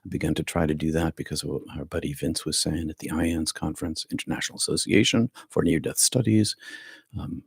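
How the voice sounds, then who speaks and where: A man's voice: rumbling low, fairly even intonation, brisk, creaky, slightly rough, no echo. A male meditation teacher leading an online breathwork session over a video call, rambling and correcting himself as he goes.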